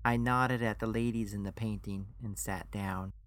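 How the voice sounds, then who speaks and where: A man's voice: on the low side, steady tone, moderate pace, fairly bright tone. A man narrating a story in the first person in a dry storytelling manner. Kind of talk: scripted audiobook narration.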